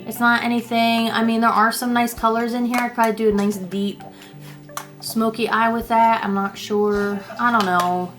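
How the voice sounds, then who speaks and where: A beauty vlogger with a fairly high, level voice chats at a normal pace while faint music plays behind her. She rambles through a casual makeup declutter, poking fun at herself and swearing offhandedly.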